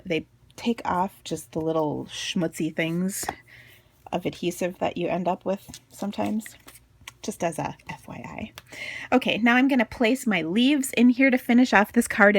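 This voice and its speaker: A chatty woman in her forties with a Minnesotan accent hosts a crafting tutorial from her basement home office, gushing and bubbly throughout. Her voice is medium-pitched and gravelly, with slight background noise.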